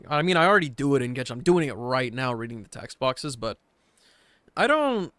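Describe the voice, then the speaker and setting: A man's voice: medium pitch, sing-song, fairly quick, a bit bright, no room sound. A man streaming a game and chatting casually, a rambling, self-deprecating overthinker. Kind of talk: casual gaming stream chat.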